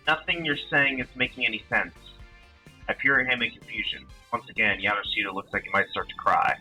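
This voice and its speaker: A man's voice: fairly low pitch, fast, pushed and bright, husky, soft background music. A man reading a visual novel aloud in a dry, wry narrating manner. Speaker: let's-play reader.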